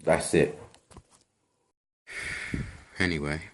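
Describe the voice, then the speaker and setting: A man's voice: extremely low pitch, little pitch movement, extremely slow. A young man, ranting casually to camera in a rambling, sweary, exasperated way. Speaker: vlogger.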